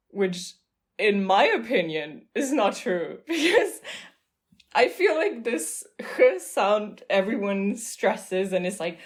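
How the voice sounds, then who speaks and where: A woman from Austria, a German speaker, telling a casual anecdote in English in a chatty, laughing way. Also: medium pitch. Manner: chatty, laughing, animated storytelling.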